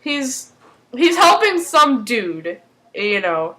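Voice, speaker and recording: A woman with a bright, high voice talks through a TV episode in a loose, casual recap. She rambles, trips over her words and stacks up fillers. She turns animated and emotional when reacting to the story. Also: very slow, rough recording. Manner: rambling, filler-heavy, with many restarts; animated and emotional, swinging between excitement and mock dismay. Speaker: fan recap vlogger.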